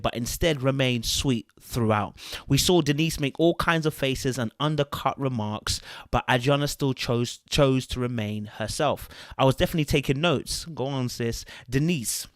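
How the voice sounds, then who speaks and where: A man's voice: mid-range voice, no room sound. Chatty man, dry close sound. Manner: animated, repeats himself, chatty asides. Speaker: podcast host. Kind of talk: casual commentary reading fan comments.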